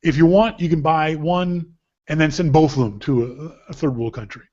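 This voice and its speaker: A man hosting a podcast, chatting casually and telling joking, animated stories about holiday gifts. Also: on the high side, normal speed, highs cut off. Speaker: podcast host. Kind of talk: casual gift-guide chat.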